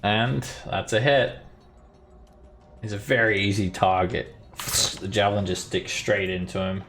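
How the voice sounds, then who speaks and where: A man narrating as game master in a tabletop game, relaxed and halting with fillers. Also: on the low side, faint music behind.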